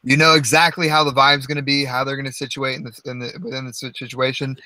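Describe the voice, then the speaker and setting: A man's voice: medium pitch, flat delivery, fast, sharp tone, no echo, rough recording. A man in casual group talk, handing out blunt, profane advice and pushing his point hard.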